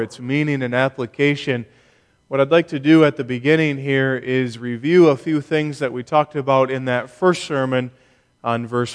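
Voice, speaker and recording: A pastor preaching a Sunday sermon, measured and emphatic, with deliberate pauses. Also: male voice, mid-range voice. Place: church. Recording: long reverb of a church hall.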